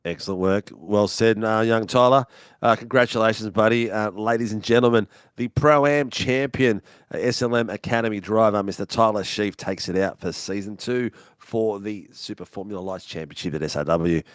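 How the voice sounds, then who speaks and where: A matey man hosts a post-race chat, calling drivers mate at every turn. His voice is smooth and clean, and the close, dry recording has no room sound at all. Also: lowish voice, steady tone, dry recording. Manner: chatty, matey, drawn-out phrasing. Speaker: broadcast host. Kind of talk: casual post-race interview.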